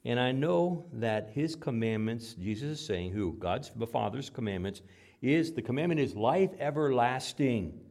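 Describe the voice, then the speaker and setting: A man, a father, preaching a sermon. He swings between loud, emphatic lines and quiet, low asides. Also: lively intonation, moderate pace, creaky. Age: adult father. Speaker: pastor.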